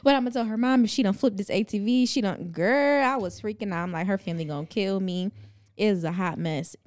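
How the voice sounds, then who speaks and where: Woman w aave telling a wild story, acts out all the voices, super animated. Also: medium pitch, fast talker. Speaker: podcast co-host. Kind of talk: casual chat.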